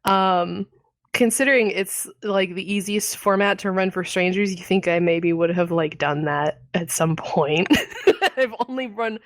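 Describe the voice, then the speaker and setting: A woman's voice: medium pitch, a little slow, no room sound, studio quality. A woman in her thirties co-hosting a podcast in casual chat, with a nasal, stuffy voice, rambling and self-deprecating. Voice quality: nasal from a cold. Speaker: podcast co-host.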